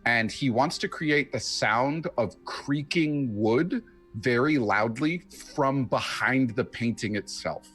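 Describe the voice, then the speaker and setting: A man's voice: mid-range voice, expressive, fairly bright tone, husky, faint music behind. A man playing a tabletop role-playing game, casually describing his character's actions and thinking aloud as he goes. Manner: deliberate, thinks aloud with fillers. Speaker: player.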